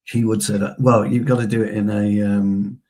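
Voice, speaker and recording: A man with a fairly low voice, chatting casually about football as a co-host. His talk is full of banter and asides to his partner. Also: level tone, normal speed, darkish tone. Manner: chatty, banter-filled, addresses co-host as pal. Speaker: fan channel co-host. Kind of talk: casual football fan chat.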